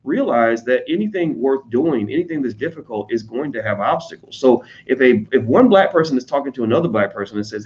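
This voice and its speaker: A man with an American accent talking casually to his audience, blunt and profane, slipping into quick mimicry of other people. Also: mid-range voice, animated, highs cut off, a little hiss or hum. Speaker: online commentator on business. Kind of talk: casual unscripted monologue.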